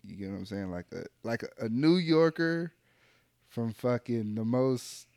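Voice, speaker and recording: A man telling a story in casual chat, animated and profane, acting out the voices of people he quotes. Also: mid-range voice, unhurried, no room sound, clean studio sound. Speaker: podcast co-host telling a story.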